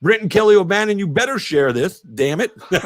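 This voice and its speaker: A man's voice: high voice, no echo. Rambling, cursing male podcast host. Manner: rambling, profane, laughs a lot. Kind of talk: casual interview.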